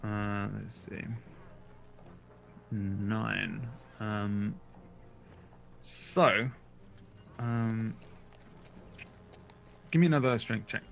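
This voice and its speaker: A man narrating a tabletop game as game master, relaxed and rambling with filler words. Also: on the low side, drawn-out words, vocal fry, long pauses.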